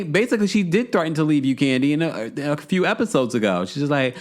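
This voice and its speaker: Guy host gossiping thru a reality show recap, lively swoopy voice, laughs a lot. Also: fairly high pitch, quick pace, few pauses. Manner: animated and gossipy, laughing often. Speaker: podcast host.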